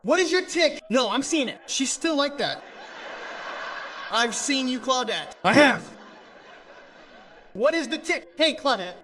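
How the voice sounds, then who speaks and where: A man from Brazil working the crowd at a stand-up show. His voice sits very high and bright, and it swings widely as he teases people and laughs along with them. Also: measured pace, pauses often. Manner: teasing, animated, laughing often. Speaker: stand-up comedian. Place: comedy stage before an audience.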